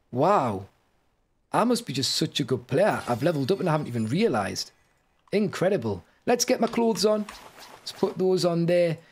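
Excitable gamer, high and lively. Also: male voice, husky. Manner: excitable, yelps and shouts in panic. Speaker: gaming YouTuber. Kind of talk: gameplay commentary.

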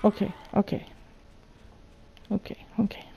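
A woman's voice: a little slow, highs cut off, slight background noise. A woman hosting a gaming channel, muttering to herself through a survival game with jittery, frightened chatter and sudden panicked yelps. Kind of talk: solo let's play commentary.

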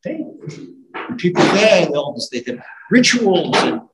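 A man's voice: high-pitched, normal speed, noisy background. Fervent male rabbi preaching in a roomy hall. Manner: animated storytelling with sung lines and rising fervor. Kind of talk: storytelling sermon. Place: live talk in a room. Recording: roomy live hall recording.

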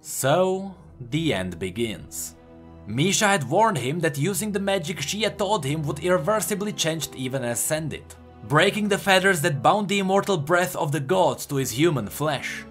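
A man from the Czech Republic reading a dark fantasy tale with animated, sweeping intonation. His voice sits a touch high. Faint music plays behind him. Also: moderate pace. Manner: expressive, animated. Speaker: lore narrator. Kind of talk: dramatic story reading. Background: faint background music.

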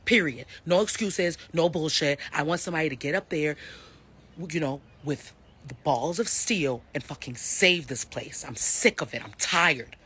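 A woman's voice: deep voice, normal speed, pushed and bright, husky. An American woman hosting a live stream, ranting bluntly to her viewers, swearing freely and calling them bro. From United States. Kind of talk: casual live-stream rant.

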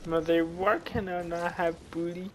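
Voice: medium pitch, fairly even intonation, normal speed, slight background noise. A gamer chatting casually while playing, teasing and laughing constantly. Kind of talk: casual gaming chat.

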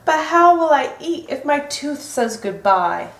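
A woman's voice: high-pitched, sing-song, a little slow, gravelly, voice pushed up, exaggerated voice. A woman reading aloud who voices a worried bear with a loose tooth in a raised, fretful tone. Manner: fretful, whiny. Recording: roomy echo from a distant mic.

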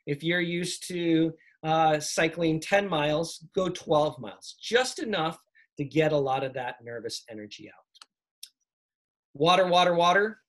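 A man with a slightly high voice gives a lively, casual workshop on speaking with confidence. He demonstrates small tricks as he goes and keeps an energetic, friendly teaching tone. He sounds like he is talking over a video call. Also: a little slow. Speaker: speaking coach.

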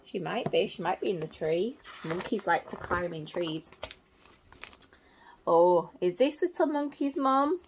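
Woman gently reading a story to children. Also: lowish voice, lively intonation, a little slow, slight background noise. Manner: gentle, questioning, explains to children. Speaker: teacher reading aloud.

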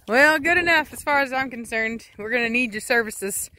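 A woman's voice: on the high side, animated, a little fast, sharp tone, a little hiss or hum. A woman, a dog breeder talking casually to camera while firmly shushing and commanding her dogs. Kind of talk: casual vlog narration.

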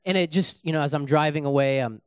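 Smooth-voiced male preacher telling a story. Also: fairly high pitch, fast, no room sound, studio quality. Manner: animated storyteller, acts out dialogue. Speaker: guest preacher. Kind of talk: sermon with storytelling. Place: church sanctuary.

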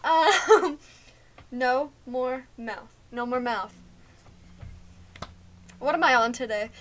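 A woman's voice: high-pitched, extremely slow, fairly bright tone, a little hiss or hum. A young woman playing a horror game on her channel, nervous and scared, repeating herself with shaky laughs, saying she feels lightheaded. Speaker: gaming YouTuber. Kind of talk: let's play commentary.

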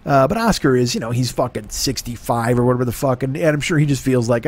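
A man's voice: mid-range voice, fast talker, hardly any pauses, no echo. A man hosting a podcast from his home desk, telling a rambling comic story full of swearing. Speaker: podcast host. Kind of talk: profane comic monologue.

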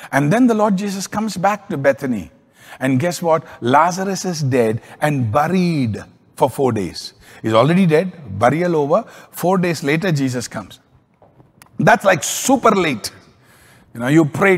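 A man preaching a sermon as a pastor, telling stories with lively swings in pitch and volume. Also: slightly rough, big-room sound.

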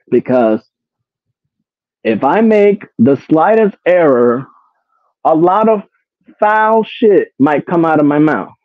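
Slow-talking man with a tinny phone-line sound. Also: fairly high pitch, no room sound. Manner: exasperated, keeps throwing rhetorical questions at viewers; swears, repeats phrases. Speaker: commentary streamer. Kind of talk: casual commentary to a live chat.

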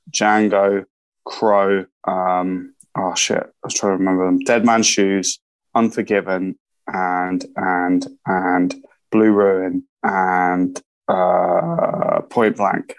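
A man with a lowish voice chats eagerly as a podcast co-host, laughing often. His talk is loose and excitable. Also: slow. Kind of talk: casual chat.

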